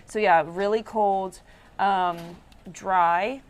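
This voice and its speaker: A woman's voice: medium pitch, steady tone, drawn-out words, slight background noise. A woman TV news reporter with a New York accent, chatting casually on air and laughing as she tells stories.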